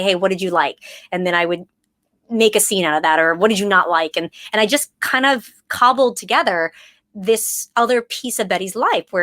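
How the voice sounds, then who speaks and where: An American woman, an actress and playwright in her thirties, telling a story in a casual, animated way and quoting herself and others with lively jumps in pitch. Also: no echo. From United States.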